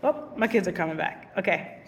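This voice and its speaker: A young woman teacher telling casual vlog stories, animated and giggly, acting out voices. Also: on the low side, brisk, in a large hall, far from the mic, slight background noise.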